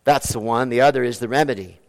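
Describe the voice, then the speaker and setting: A male pastor preaching a Sunday sermon, pressing repeated rhetorical questions and dropping to a hushed, low voice as he closes. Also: fast. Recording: reverberant hall.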